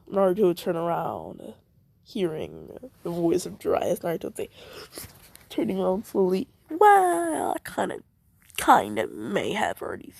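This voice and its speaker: A man's voice: sits high, wildly swooping pitch, moderate pace, gravelly, no room sound. A man improvising a fan story, rambling and hesitant, correcting himself as he goes and jumping between voices. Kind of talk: improvised fan fiction narration.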